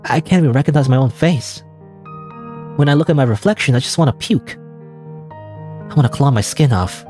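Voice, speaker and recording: A man's voice: mid-range voice, a little fast, darkish tone, soft background music, lightly acted. A man reading the inner narration of a timid, self-loathing teenage schoolgirl in a game, in a fragile, apologetic manner. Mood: despairing.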